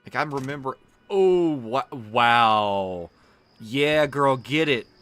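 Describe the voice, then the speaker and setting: Guy streaming a game, talks slow, lots of likes and laughs, bright sharp tone. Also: mid-range voice, expressive, clean tone. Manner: rambling, laughing, full of fillers. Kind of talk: casual gameplay commentary.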